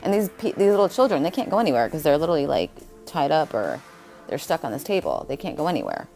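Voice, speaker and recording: Low-voiced blunt woman vlogger. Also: big pitch swings, quick pace, vocal fry, dark tone, faint music behind. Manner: blunt, jumps between topics. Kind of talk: casual rambling monologue.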